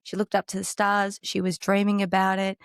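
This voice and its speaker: Gravelly-voiced woman telling a story. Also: mid-range voice, a little fast, no echo, clean studio sound. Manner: animated, acts out quoted dialogue. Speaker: guest. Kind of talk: casual storytelling conversation.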